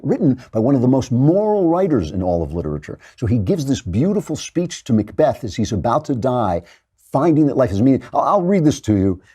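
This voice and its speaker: A man's voice: medium pitch, dark tone, breathy edge. A man hosting a commentary monologue, earnest and lecturing, with frequent restarts. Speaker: host.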